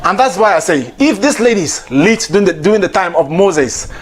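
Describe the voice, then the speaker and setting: A man's voice: sits high, expressive, normal speed, breathy edge, a faint crowd. A comedian host delivering a playful comic monologue and often laughing through his lines. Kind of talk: stand-up style comic monologue.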